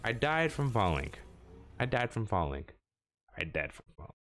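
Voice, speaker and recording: A young man with a low voice gives live commentary over his own game at home. His pitch swings widely as he jokes at himself and taunts opponents. Faint noise sits behind him. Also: moderate pace, long pauses. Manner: animated, self-mocking, talks to opponents. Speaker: gaming channel host.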